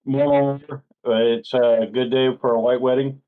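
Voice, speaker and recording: A man playing a tabletop game, cracking jokes and giving quick in-game orders. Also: mid-range voice, little pitch movement. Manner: jokey, playful quips. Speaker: player. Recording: tinny phone-like call audio.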